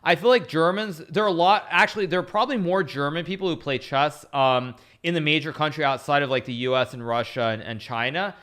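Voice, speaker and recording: Bright-voiced man rambling through chess commentary. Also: fairly high pitch, fairly quick, few pauses. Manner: chatty, rambling, repeats phrases; thanks viewers for subscriptions between moves. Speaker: chess streamer analyzing games. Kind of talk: casual live-stream commentary.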